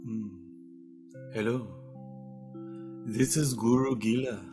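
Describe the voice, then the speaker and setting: A man voicing a grandiose male meditation guru, chanting slow rhyming mock-solemn lines. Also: mid-range voice, fairly even intonation, music in the background, lightly acted.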